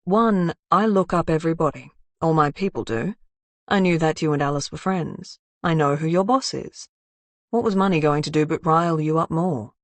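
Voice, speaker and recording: A woman voicing a calm, menacing male crime boss in an audiobook, speaking in a cool, measured and quietly threatening way. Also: on the high side, no echo, natural voice.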